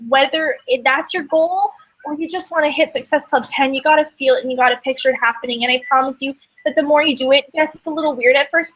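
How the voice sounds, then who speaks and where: A young woman with a high, bright voice gives a casual motivational talk to her team. She speaks emphatically and acts out her own inner voice in quoted asides. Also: low-quality recording. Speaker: network marketing coach.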